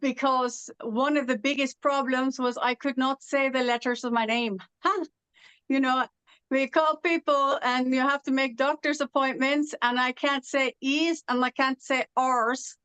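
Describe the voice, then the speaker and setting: A woman's voice: high voice, fairly even intonation, a little slow, fairly bright tone, clear, resonant tone, no room sound, low-quality recording. A middle-aged woman from Los Angeles with Irish-sounding R's, telling stories in casual conversation with many "uh" fillers. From Los Angeles, United States. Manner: storytelling with frequent uh fillers. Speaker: interview guest.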